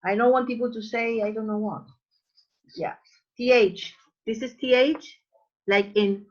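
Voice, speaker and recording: A woman teacher, leading an online English pronunciation lesson, repeating words slowly for her students. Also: medium pitch, steady tone. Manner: drills sounds slowly, repeating words, calls students babies. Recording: dull lo-fi online call audio.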